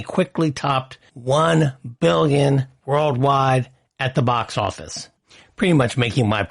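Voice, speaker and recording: Brief: male podcast host, casual, opinionated rant delivery. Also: mid-range voice. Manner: chatty, opinionated, ranting.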